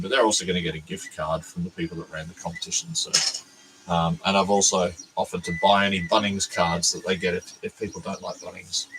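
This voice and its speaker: An Australian man, a teacher, chatting casually on a livestream from his workbench, hoarse and sick with a cold, rambling and self-deprecating. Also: low-pitched, background noise.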